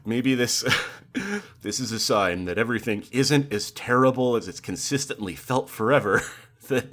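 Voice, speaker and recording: A man co-hosting a podcast in casual chat, laughing often and talking with animated, swearing outbursts. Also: medium pitch, normal speed. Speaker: podcast co-host.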